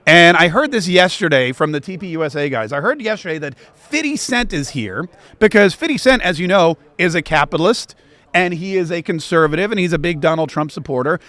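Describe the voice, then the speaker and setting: A man hosting a political talk show from a convention media row, talking with animated energy. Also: a little high, fairly quick, dry recording. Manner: animated, breaks into chanted rap rhymes.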